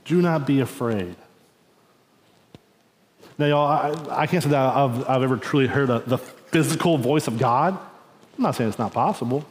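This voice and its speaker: A man's voice: medium pitch, fairly quick. A man giving a conversational sermon as preacher, telling stories informally and often checking in with the congregation with "right?" and "y'all.". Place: church sanctuary. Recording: echoey church hall with long reverb.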